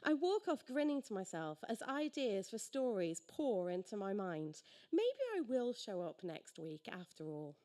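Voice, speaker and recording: Animated woman telling a sardonic story. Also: medium pitch, a little slow. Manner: sardonic, acts out dialogue. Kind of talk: live first-person story reading. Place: live storytelling event.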